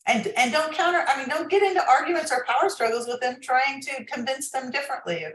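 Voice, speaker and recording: A woman's voice: high voice, fast, fairly bright tone, reverberant, low-quality recording. A woman author, a guest on an interview podcast, explaining advice in a coaching tone. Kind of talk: interview, giving workplace advice.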